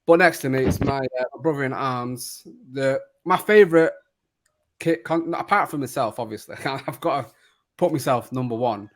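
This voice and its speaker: A man hosting a casual kit-ranking chat, jokey and quick to laugh. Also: medium pitch. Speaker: podcast host.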